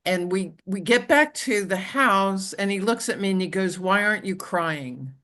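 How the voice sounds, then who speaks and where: A woman telling her own story as an interview guest, in a halting way with frequent restarts and "you know". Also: medium pitch, a bit bright. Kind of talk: conversational personal storytelling.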